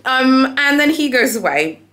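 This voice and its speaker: A young adult woman telling a shopping story in a casual vlog, chatty and animated, calling viewers "honey", recorded in a hotel room without an external mic. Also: high-pitched, measured pace. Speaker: luxury shopping vlogger.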